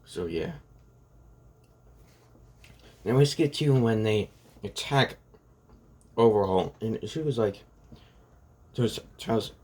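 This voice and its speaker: A man's voice: fairly low pitch, expressive, a little slow, long pauses, darkish tone. A man casually retelling a fan-made story in a rambling way, full of fillers. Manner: rambling, full of "like" and "pretty much".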